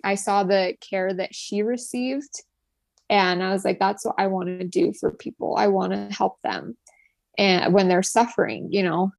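A young woman in her twenties talks earnestly and gratefully about her work as a nurse, often restarting her sentences and filling gaps with "like" and "you know". Her voice sits at a middle pitch, and the room is dry and close. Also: dry recording. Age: 20s. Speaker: guest, nurse. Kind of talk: personal story in an interview.

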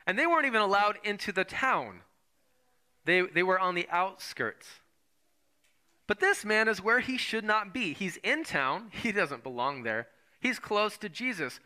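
A man preaching with a bright, fairly high voice. He talks in a conversational way and slips into the voices of the people in the story as he retells it. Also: expressive, moderate pace. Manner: conversational, acts out voices of the Bible figures. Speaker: pastor. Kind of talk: sermon.

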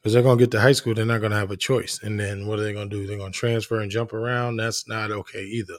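A man's voice: on the low side, level tone, quick pace, no room sound, clean studio sound. A middle-aged man, a parent of young athletes, talking earnestly in a casual monologue, rambling and restarting his sentences.

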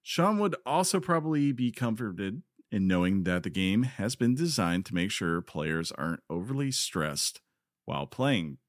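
A man's voice: fairly low pitch, big pitch swings, unhurried, no echo, studio quality. A man co-hosting a casual gaming podcast, joking and reading news items aloud. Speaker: podcast co-host.

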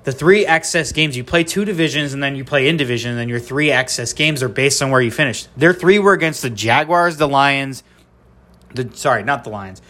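A man's voice: mid-range voice, a little fast, pushed and bright. Young male podcast host, nasal, blunt and profane, ranting about sports.

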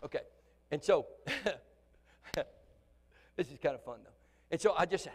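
A male pastor delivers a sermon, his voice pitched high for a man. He swings from loud, animated preaching down to quiet, chatty asides. The sound carries a long reverb, as from a church hall. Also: a little slow, breathy edge. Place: church sanctuary.

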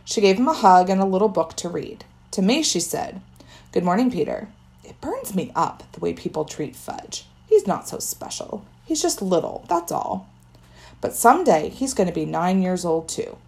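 A woman narrating a children's book in first person, expressive and storytelling. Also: fairly low pitch, normal speed, vocal fry. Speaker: audiobook narrator.

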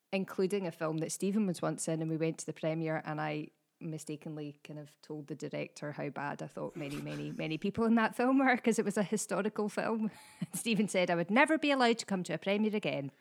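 A woman, a history teacher guest in casual podcast chat, blunt and candid. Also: deep voice.

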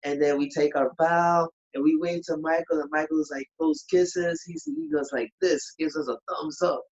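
A singer and performer telling a story in a lively, animated way, acting out moments and humming bits of songs. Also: male voice, a little high, normal speed. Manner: animated, acts out moments, sings snippets. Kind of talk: casual storytelling. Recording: dull lo-fi sound.

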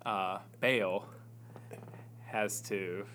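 A man's voice: on the low side, fairly even intonation, drawn-out words, fairly bright tone, a little hiss or hum. A man co-hosting a casual church-related chat, playful and joking.

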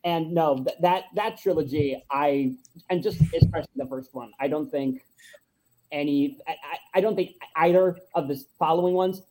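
A young man hosting a casual podcast, animated and quick to laugh while retelling favorite moments. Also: on the high side, background noise. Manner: animated, laughs easily, acts out quotes. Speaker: podcast host. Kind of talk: casual chat.

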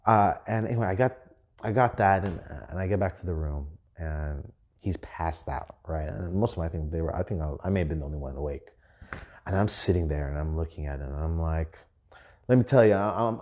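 A young adult man hosting a podcast tells a profane story in a loose, laughing, casual monologue. His voice sits low and is a little mellow.

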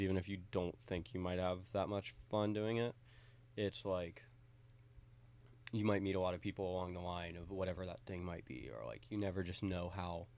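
A man's voice: low-pitched, a little mellow. A young man, a college student co-hosting a podcast, chatting in a laid-back way full of fillers and blunt jokes. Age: young adult. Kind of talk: casual chat.

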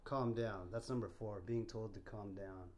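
A man's voice: on the low side, fairly even intonation, moderate pace, mellow. A young man co-hosting a casual podcast, joking in slang, swearing and laughing often. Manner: laughs often, slangy, calls people bro and dude. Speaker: podcast co-host. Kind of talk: casual profane chat. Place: house.

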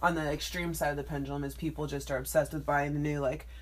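A woman's voice: sits low, little pitch movement, quick pace. A woman co-hosting a casual podcast, cracking teasing, dry jokes. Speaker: podcast co-host. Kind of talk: casual chat.

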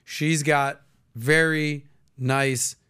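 A man hosting a podcast, telling stories in casual chat and acting out the people he quotes in loud, high voices. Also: steady tone, drawn-out words, clean tone. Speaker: podcast host.

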